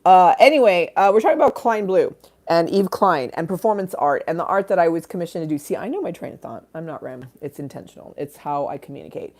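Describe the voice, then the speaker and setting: Woman livestream host on a phone, rambly and swearing, low mellow voice. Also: lively intonation, fast talker. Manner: rambling, swears casually, reads out comments. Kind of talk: casual livestream chat.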